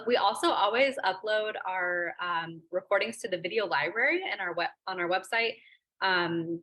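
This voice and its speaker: A woman's voice: medium pitch, bright, forceful tone. A woman hosting a business webinar, opening the session in a friendly way with many filler ums, over a video call. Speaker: webinar host. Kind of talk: webinar introduction.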